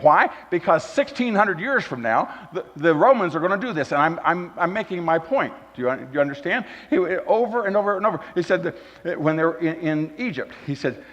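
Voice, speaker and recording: Folksy male guest preacher, expressive delivery, muffled recording with long church echo. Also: a little high, a little fast. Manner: folksy, animated, swings from loud emphasis to quiet asides. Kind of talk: sermon. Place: church hall. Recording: dull recording with long hall reverb.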